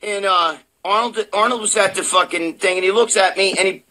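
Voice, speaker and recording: An older man co-hosting a live show from his sister's house, telling loud, profane stories in casual chat. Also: high voice, brisk. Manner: loud, profane, animated storyteller. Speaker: co-host of a bodybuilding live show.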